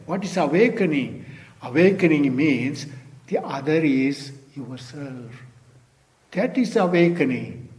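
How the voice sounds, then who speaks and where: A man's voice: a little high, a little mellow. Older man giving a Zen talk in a hall. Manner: unhurried, repeats "you see" often. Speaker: Zen teacher. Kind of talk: dharma talk.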